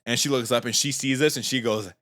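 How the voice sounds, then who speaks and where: A man's voice: mid-range voice, fast talker. A man co-hosting a podcast, casually recapping an anime episode and acting out the characters' lines. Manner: animated, acts out characters' lines while retelling. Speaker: podcast co-host.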